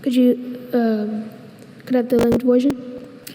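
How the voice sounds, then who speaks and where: A young contestant at a spelling bee, politely asking quick questions and spelling letter by letter. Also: female voice, on the high side, level tone, dark tone, a little hiss or hum. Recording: hall reverb, faint ambience.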